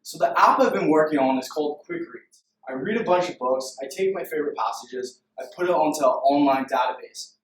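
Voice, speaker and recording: A young man from Canada giving a playful, self-deprecating story-driven pitch presentation to a room. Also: recorded from a distance. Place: room full of people. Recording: echoey room recorded from afar.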